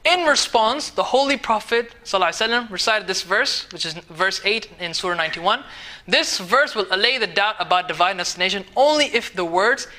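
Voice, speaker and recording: A man's voice: sits high, animated, a little fast, bright, forceful tone. A man teaching a casual tafsir class, talking conversationally and mixing in Arabic phrases while checking that his students follow. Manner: mixes in Arabic words and phrases. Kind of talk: casual tafsir lesson to a small group.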